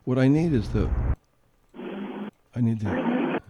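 A man's voice: mid-range voice, lively intonation, slow pace, noisy background. A male radio show host in casual, profane chat who rambles and laughs easily.

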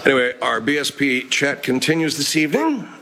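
A man's voice: mid-range voice, big pitch swings, a little fast, noisy background. A middle-aged man, a voice actor, hosting a casual live-stream chat, reading comments in a profane, rambling, laid-back way.

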